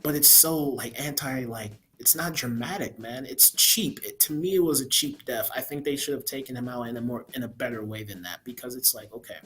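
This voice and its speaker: A man's voice: medium pitch, a little fast, few pauses, a bit bright. A man giving a casual, rambling spoiler review of a movie, blunt and opinionated, often tacking "man" onto his sentences.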